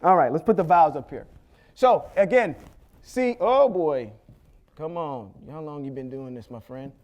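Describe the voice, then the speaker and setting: Here the man's voice runs on the high side, animated, at a normal speed, with a darkish tone. As a Bible teacher giving a Torah lesson, he works patiently through Hebrew letters and vowels, checking with "okay?" and dropping in small jokes.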